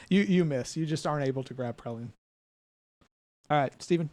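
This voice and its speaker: A man with a fairly high voice narrates a tabletop game as its game master, lively and quick to laugh as he describes the action. The sound is dry and close, with no room around it. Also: no room sound.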